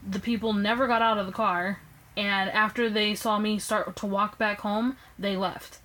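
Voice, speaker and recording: A young woman tells a personal story straight into her phone camera, chatty and expressive. She acts out the quoted lines by pushing her voice up, and her mid-range pitch moves a lot from line to line. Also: moderate pace, low-quality recording. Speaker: vlogger.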